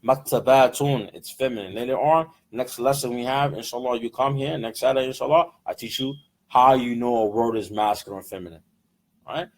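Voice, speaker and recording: An American man, speaking a little fast in a mid-range voice, teaches a live Arabic class to students in the room. He explains patiently, blends English with Arabic words, and asks "right?" over and over.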